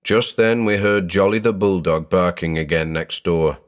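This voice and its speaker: Deep-voiced young male narrator. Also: normal speed. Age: young adult. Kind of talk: scripted horror narration.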